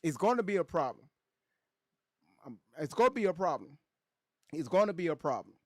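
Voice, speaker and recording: A man hosting a casual livestream, reading chat aloud and joking around in a loud, animated way. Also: a little high, normal speed, no echo, clean studio sound.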